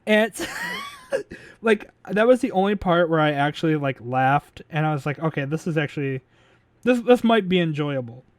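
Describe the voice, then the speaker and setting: A man's voice: fairly high pitch, lively intonation, normal speed, no echo. A man casually recapping a movie plot as a podcast host, rambling with lots of fillers, swearing and laughing as he goes.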